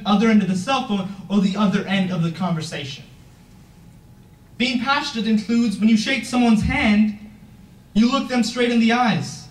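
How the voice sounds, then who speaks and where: A teenage boy giving a motivational speech at a corporate event, earnest and emphatic, asking the audience questions. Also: high voice. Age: teens. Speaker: youth founder giving a talk. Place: event room, heard from a distance. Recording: echoey room from far off.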